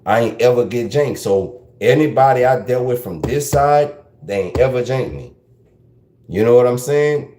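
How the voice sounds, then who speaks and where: A man's voice: medium pitch, expressive, normal speed, dark tone, echoey room, a little hiss or hum. A man with a South Louisiana Creole accent hosting a podcast, talking loosely and rambling, dropping in Creole French phrases. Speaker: podcast host. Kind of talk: casual commentary monologue.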